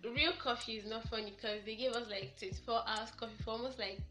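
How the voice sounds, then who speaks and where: A young woman with a Nigerian accent, a podcast guest telling stories in an animated, laughing way. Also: a little high, fast talker. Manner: animated storytelling, laughs often. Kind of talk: casual podcast chat. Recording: echoey room with faint music.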